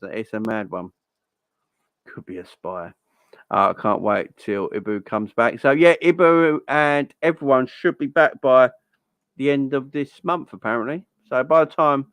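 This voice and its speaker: A man's voice: mid-range voice, no echo. Chatty man hosting a livestream. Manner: chatty, gives shout-outs and reacts to viewers' comments. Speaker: host of a football fan livestream. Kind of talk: casual livestream chat.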